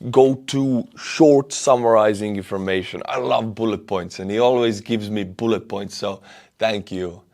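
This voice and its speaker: A man's voice: on the low side, fairly even intonation, a little slow, darkish tone. A man, giving blunt, emphatic solo commentary on war news and pushing into indignant outbursts. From Estonia.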